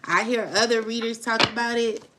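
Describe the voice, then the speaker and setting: A woman's voice: fairly high pitch, steady tone, brisk, heavy background noise. A woman doing a casual tarot reading, taunting and laughing as she talks to her viewers. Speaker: tarot reader. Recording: music playing underneath. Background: music.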